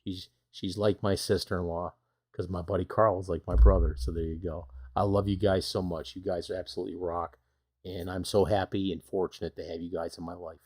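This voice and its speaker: A man's voice: sits low, level tone, a little fast, a little mellow. Folksy middle-aged man hosting a stream. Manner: chatty, folksy, calls viewers brother. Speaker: live stream host. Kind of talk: casual live stream chat.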